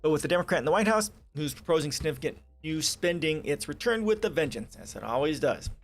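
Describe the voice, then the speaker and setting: Male streamer, higher voice, sarcastic and swearing, faint music underneath. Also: a little fast, vocal fry, few pauses. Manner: profane, sarcastic, reads articles aloud and rants. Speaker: livestream host. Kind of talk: casual political commentary stream.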